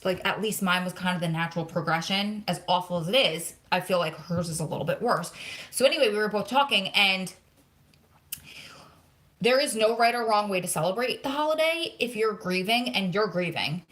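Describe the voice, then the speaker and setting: A woman in her thirties from New Jersey, hosting a casual live question-and-answer vlog, telling stories with lots of quoted back-and-forth and sounding close to tears. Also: mid-range voice. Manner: chatty, animated storytelling with quoted dialogue. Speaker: vlog host.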